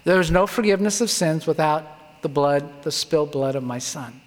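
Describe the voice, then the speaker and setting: A middle-aged man preaching earnestly, slowing down to lean on key words. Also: on the high side. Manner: earnest, emphatic, slows down to stress words. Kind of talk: sermon-style Bible teaching. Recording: long hall reverb.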